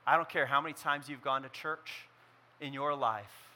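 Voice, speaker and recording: Bright-voiced man preaching a sermon. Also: medium pitch, normal speed. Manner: preaching with wide swings between loud emphasis and quiet intensity. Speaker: pastor.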